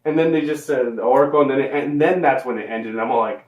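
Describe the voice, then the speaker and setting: A man giving his take in a casual film review, animated but halting, full of fillers and the odd swear word. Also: medium pitch, highs cut off, a little hiss or hum. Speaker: co-host reviewer. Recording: echoey room.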